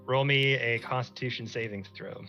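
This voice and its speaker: A man narrating a tabletop game as dungeon master, describing scenes in slow, descriptive narration. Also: mid-range voice, fairly even intonation, pushed and bright, highs cut off, faint music behind.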